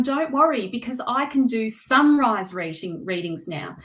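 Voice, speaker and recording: A woman's voice: a little high, animated, a little slow, a bit bright. A woman hosting a tarot and astrology live stream, chatting casually with viewers in an effusive, emotional way.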